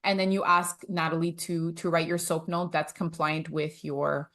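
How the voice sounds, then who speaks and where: Brief: female host, casual chatty delivery, slightly low pitch, rambling with fillers. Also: flat delivery, moderate pace, a bit bright. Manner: loose, chatty, with frequent fillers and restarts. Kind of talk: casual conversation.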